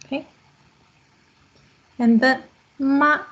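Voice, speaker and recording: A woman's voice: sits high, steady tone, very slow, a bit bright, muffled recording. A woman teaching a language class online, explaining patiently step by step over a video call.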